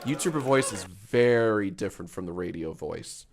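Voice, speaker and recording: A man's voice: fairly low pitch, lively intonation, normal speed, a crowd in the background. A man chatting casually on a livestream, joking and riffing on messages from chat. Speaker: streamer.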